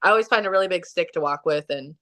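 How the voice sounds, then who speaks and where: A woman with a somewhat low voice tells a personal story as a podcast guest. Her talk is casual and chatty, filled with "like", and she acts out what people said. She is from Kansas City, Missouri. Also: very fast, a bit bright. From Kansas City, Missouri, USA. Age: young adult or middle-aged, has a son. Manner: chatty, heavy use of "like", acts out quotes.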